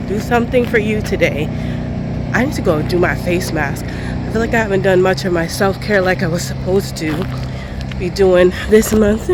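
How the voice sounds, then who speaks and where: A woman in her forties, congested and breathing heavily, chatting casually to her viewers while out on a walk. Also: medium pitch. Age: 40s. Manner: chatty, addresses viewers as y'all. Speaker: budgeting vlogger. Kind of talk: casual vlog chat. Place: outdoors on a walk near traffic. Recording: outdoor street and traffic noise.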